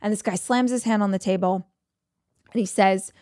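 A woman's voice: mid-range voice, moderate pace, darkish tone, no room sound, studio quality. A woman hosting a podcast, telling a personal story in a conversational, emotional way with many fillers. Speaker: podcast host.

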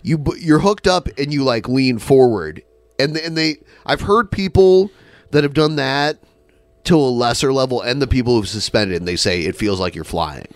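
A man's voice: medium pitch, expressive, normal speed, dry recording. A man with a Midwestern American accent, co-hosting a podcast and telling rambling, anecdotal stories in casual chat. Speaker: podcast co-host.

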